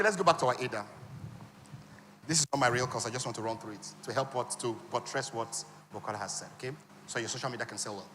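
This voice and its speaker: A man giving a lively motivational talk at a business conference, now and then acting out other people's voices. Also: slight background noise. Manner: animated, acts out high voices for women. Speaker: conference speaker. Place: large conference hall. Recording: reverberant hall.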